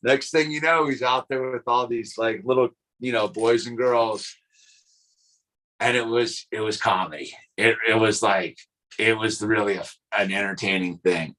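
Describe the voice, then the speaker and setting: A man's voice: on the low side, fairly even intonation, moderate pace, a bit bright, poor audio. A man chatting casually on a live stream, rambling in a laid-back way and dropping "dude" and "like" into most sentences. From California. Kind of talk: casual chat.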